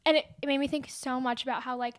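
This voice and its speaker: Woman, co-host, high voice, casual recap chat, chimes in often. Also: fairly even intonation, fast talker, no room sound, studio quality. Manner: chimes in, finishes the other host's sentences. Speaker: podcast co-host.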